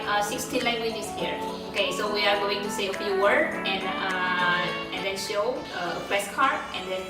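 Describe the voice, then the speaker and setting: Woman, young, host, casual interview, chatty, laughs a lot, far from mic, echoey. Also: medium pitch. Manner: laughs often, many fillers. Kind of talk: casual interview in Indonesian and English. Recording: echoey room from far off, music behind.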